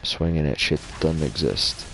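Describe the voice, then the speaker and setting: A man with a very low, deep voice gives loose, rambling lore commentary over gameplay. He swears constantly and talks in a relaxed, off-the-cuff way. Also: unhurried, creaky, a little hiss or hum. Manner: casual, rambling, heavy swearing. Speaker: gaming channel host.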